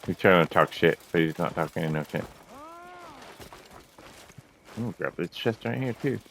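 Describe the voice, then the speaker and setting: A man giving casual, profane commentary while playing a video game, often laughing and getting excited. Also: low voice, quick pace, a little hiss or hum. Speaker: gamer showing a game.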